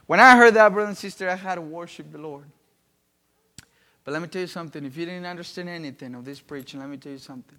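A man preaching a sermon, telling a story with great emotion and swinging between loud pleading and hushed, quiet tones. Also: high voice, fast talker. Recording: long reverb of a large hall.

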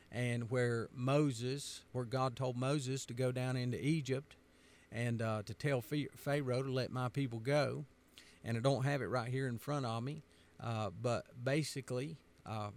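A man's voice: medium pitch, fairly even intonation, slow pace. A man from the United States giving an emphatic, sermon-style commentary, driving his points home by repetition.

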